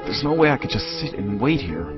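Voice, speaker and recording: A man voicing a hot-headed young male fighter in a game playthrough, loud and urgent. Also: medium pitch, big pitch swings, fairly quick, voice pushed up, close to an everyday voice. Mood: angry. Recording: muffled capture with game music.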